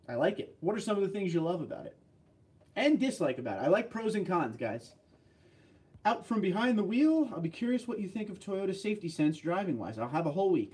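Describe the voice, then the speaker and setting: With a slightly high voice and a darkish tone, a man from New Jersey runs a laid-back livestream. He reads out viewer comments, answers them, and jokes as he goes.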